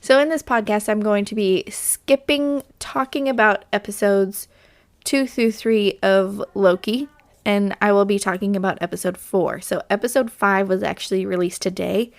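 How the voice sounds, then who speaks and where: A woman's voice: medium pitch, fairly even intonation, normal speed. A woman hosts her podcast in a loose, rambling solo chat. Her voice is scratchy from allergies, and her talk is full of fillers and side turns. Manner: rambling, chatty, with many fillers. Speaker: podcast host.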